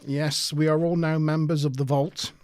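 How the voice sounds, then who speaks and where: Chatty, laughing man, high voice. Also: level tone, moderate pace, a little mellow, no echo. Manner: chatty, self-deprecating, laughs often. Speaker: podcast co-host. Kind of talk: casual live-stream chat.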